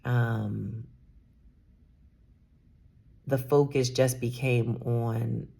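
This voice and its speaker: A woman's voice: rumbling low, steady tone, drawn-out words, gravelly, dark tone. A woman in her fifties, a salon owner, talking candidly and rambling a little in a personal vlog, sometimes dropping to a whisper. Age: 50s.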